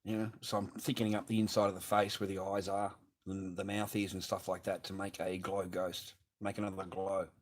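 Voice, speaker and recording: A man's voice: low-pitched, flat delivery, fairly quick. A middle-aged man chatting casually on a livestream while making masks, ranting and swearing with bursts of laughter. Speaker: livestreaming mask artist.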